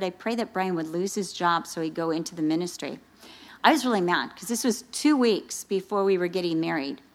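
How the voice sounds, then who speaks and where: A middle-aged woman preaching to a gathering of women. She weaves personal stories into her message and brings them to life, jumping up in pitch as she acts out what people said. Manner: animated storytelling, acting out dialogue with rising pitch. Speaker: speaker at a women's Christian gathering. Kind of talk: sermon with personal story.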